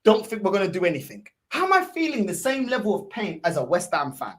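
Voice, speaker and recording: A woman's voice: fairly low pitch, very animated, quick pace, hardly any pauses. Exasperated woman ranting about football. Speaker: football fan streamer. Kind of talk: ranting fan commentary.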